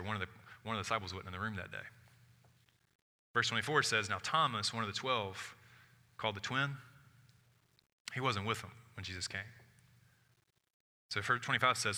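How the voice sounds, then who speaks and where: A man preaching a sermon as pastor, shifting from loud emphatic lines to hushed soft ones, with casual asides. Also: mid-range voice. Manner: conversational asides with "like". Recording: long hall reverb of a church.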